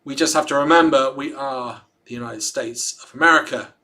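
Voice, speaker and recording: A man's voice: mid-range voice, normal speed, pushed and bright. A man hosting a casual livestream, reading a statement aloud and chatting and joking with his viewers between lines. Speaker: livestream host.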